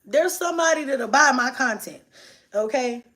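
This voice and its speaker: A woman's voice: high-pitched, lively intonation, normal speed, fairly bright tone. Blunt, laughing woman vlogger. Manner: blunt, profane, laughing often. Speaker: vlogger on a live stream. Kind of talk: casual live-stream chat.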